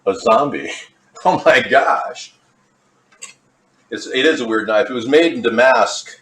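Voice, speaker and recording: A home cooking vlogger with an expressive, slightly bright mid-range voice demonstrates a recipe in his kitchen at an unhurried pace. He talks casually, rambling, joking and drifting off topic as he works.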